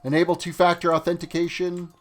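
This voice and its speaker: A man's voice: high-pitched, completely flat delivery, fast talker. Chatty man streaming a game. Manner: rambling, chatty, talks to chat while playing. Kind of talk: casual live-stream chat. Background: faint music and keyboard typing.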